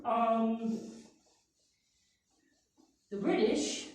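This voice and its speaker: An American woman teaching an English lesson, slowly and carefully enunciating example words. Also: on the high side, level tone, darkish tone. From United States. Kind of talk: slow, deliberate language lesson. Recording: echoey room, voice from a distance.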